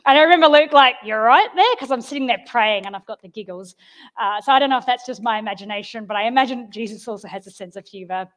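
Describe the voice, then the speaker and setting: A woman giving an informal, chatty sermon, telling stories with gentle humour. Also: on the high side, animated, fast talker. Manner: chatty and storytelling, with soft self-deprecating humour. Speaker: preacher.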